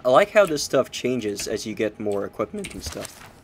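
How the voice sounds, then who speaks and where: Male streamer, lowish voice, chatty and sweary, faint keyboard typing behind. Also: very animated, moderate pace, a little hiss or hum. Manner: chatty, swearing, self-mocking. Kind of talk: casual gameplay commentary.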